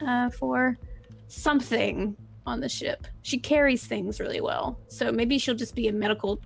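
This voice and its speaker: A woman's voice: a little high, unhurried, creaky, soft background music. Bubbly woman in her thirties. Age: 30s. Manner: bubbly, chatty. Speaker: streamer and player. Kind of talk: casual chat.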